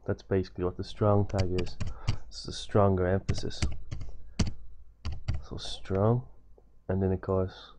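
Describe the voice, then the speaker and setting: A man's voice: low voice, little pitch movement, unhurried, pauses often, background noise. A young man giving a loose, repetitive coding tutorial over a screen recording, with many fillers and restarts.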